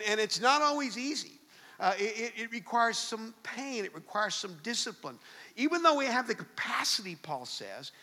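A man preaches in a church sanctuary, telling a story and often restarting his phrases. His voice is high-pitched and bright. The sound carries a long reverb from a large hall. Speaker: pastor. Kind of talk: sermon.

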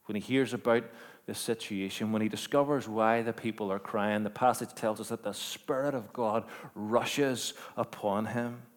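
A man preaching a sermon, moving between quiet, measured storytelling and loud, emphatic declarations with rhetorical questions. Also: medium pitch. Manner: dynamic, swings from hushed to emphatic, rhetorical questions.

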